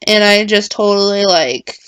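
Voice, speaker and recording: A woman's voice: mid-range voice, unhurried, a bit bright, clear, resonant tone, dry recording. A young woman talking casually in a personal vlog, rambling and full of filler words. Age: young adult. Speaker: vlogger.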